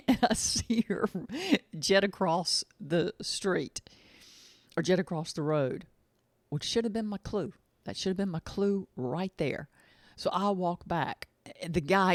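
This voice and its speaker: A woman's voice: fairly low pitch, no room sound. Rambling woman telling a story. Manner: rambling, repeats herself, acts out quoted dialogue. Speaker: vlogger. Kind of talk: casual storytelling monologue.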